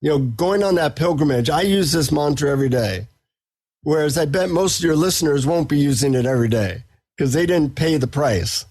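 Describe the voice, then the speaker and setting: A middle-aged man, a psychotherapist and author, chatting as a podcast guest and telling anecdotes in a relaxed, self-deprecating way. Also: fairly high pitch, fairly quick, breathy edge. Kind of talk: casual interview storytelling.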